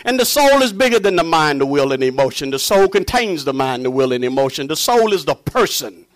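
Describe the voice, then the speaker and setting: A fervent male preacher with a fairly high voice for a man. He swings from booming, shouted declarations down to low, hushed murmurs. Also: big pitch swings, fairly quick. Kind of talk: sermon.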